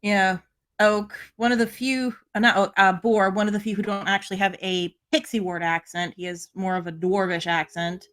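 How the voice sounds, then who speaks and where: A woman's voice: medium pitch, steady tone, moderate pace, fairly bright tone. A woman acting as game master, narrating a tabletop game in a chatty, loose way with lots of asides.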